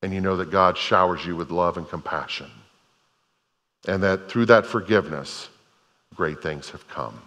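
Man, pastor delivering a sermon; fairly low, bright, forceful voice carrying through a church hall with long reverb. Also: moderate pace. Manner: earnest, repeats phrases for emphasis.

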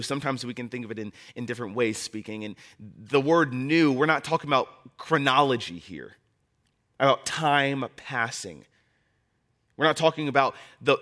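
A man's voice: mid-range voice, sharp tone. A young man preaching a sermon as pastor, repeating key phrases and building toward impassioned preaching.

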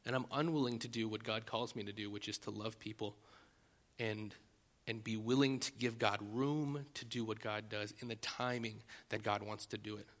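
A man preaching a sermon as pastor, animated, acting out loud rising prayers and often restarting his phrases. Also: on the low side, moderate pace, big-room sound.

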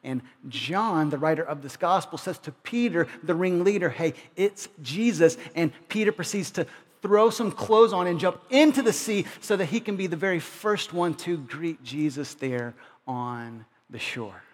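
A man's voice: on the high side, expressive, normal speed. A man preaching a sermon as pastor, explaining a passage conversationally, with frequent restarts. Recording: long reverb of a large hall.

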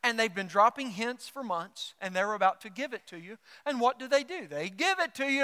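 A pastor preaching a sermon, lively and joking, acting out quoted voices. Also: male voice, very high voice, brisk, hardly any pauses, long reverb tail. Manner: animated, acts out quoted voices and jokes.

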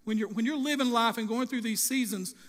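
A man's voice: extremely high pitch, brisk, long reverb tail. A man preaching a sermon with passion, often restarting his phrases as he goes. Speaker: pastor.

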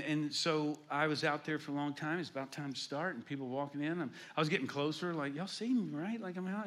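A man, a pastor preaching a sermon, telling stories and swinging between loud emphasis and hushed asides. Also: mid-range voice.

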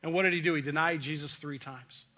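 A man's voice: on the high side, steady tone, fast talker, bright, forceful tone. A middle-aged male pastor preaching a sermon in a folksy, joking, conversational way.

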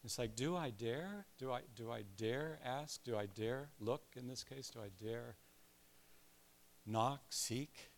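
A man's voice: mid-range voice, slow pace. An older man preaching a sermon in a conversational way, with self-deprecating asides and personal stories. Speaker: pastor.

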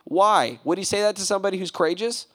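Young male pastor, animated and slangy, acts out little scenes, voice a touch high. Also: fast. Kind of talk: sermon.

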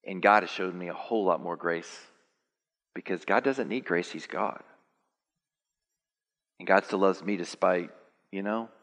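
A man preaching a sermon, animated and building to high, excited peaks. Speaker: pastor. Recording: long hall reverb.

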